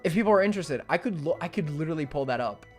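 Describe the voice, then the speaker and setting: A fairly high-voiced young man chats loosely on a home livestream. He rambles through fillers and restarts, dropping to mumbles and then bursting into loud, excited yelps. Faint music plays underneath. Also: very fast. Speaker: streamer and animator. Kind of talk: casual livestream chat.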